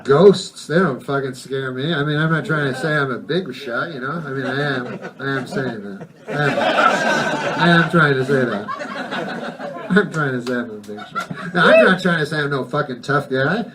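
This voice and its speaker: A man's voice: medium pitch, animated, moderate pace, noisy background. Rambling, profane stand-up comic man. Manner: rambling, profane, self-interrupting. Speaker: stand-up comedian. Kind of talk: stand-up routine. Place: comedy stage before a live audience. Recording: distant mic with audience laughter.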